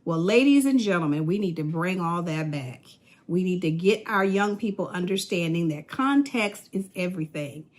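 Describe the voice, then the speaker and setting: A woman's voice: lowish voice, expressive, normal speed, darkish tone. Chatty woman in her fifties. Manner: chatty, laughs often, addresses viewers directly. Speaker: speech-language pathologist and vlogger. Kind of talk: casual talk to camera. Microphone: phone or device camera.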